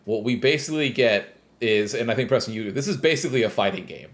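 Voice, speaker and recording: A man co-hosting a casual video game podcast, retelling a game's story scene by scene in a relaxed, rambling way. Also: mid-range voice, fast talker. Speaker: podcast co-host.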